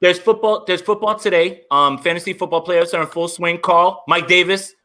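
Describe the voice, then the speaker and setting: A man's voice: high voice, brisk, a bit bright. A man guesting on a sports podcast, upbeat and chatty, with lots of fillers. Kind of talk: casual sports podcast chat.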